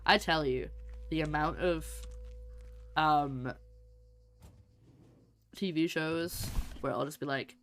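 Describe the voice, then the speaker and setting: A Scottish woman streaming a game and chatting casually in a rambling, animated way. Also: sits low, slow pace, pauses often, a little hiss or hum. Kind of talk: casual chat while gaming.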